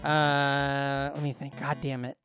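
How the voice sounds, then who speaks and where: A man's voice: mid-range voice, monotone, slow pace, a bit bright, faint music behind. A man co-hosting a podcast in casual chat, rambling and swearing freely. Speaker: podcast co-host.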